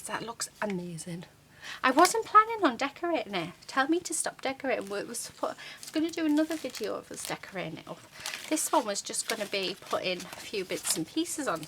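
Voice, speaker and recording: Woman, craft-channel host, rambling chatty tutorial, noisy recording with tool clicks. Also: medium pitch. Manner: chatty, rambling, many fillers.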